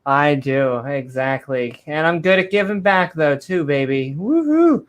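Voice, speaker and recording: Woman co-host, playful and teasing, fairly low-pitched for her range, drawn-out delivery. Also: crowd noise. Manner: playful, teasing, joking asides. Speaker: podcast co-host. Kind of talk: comedic podcast banter.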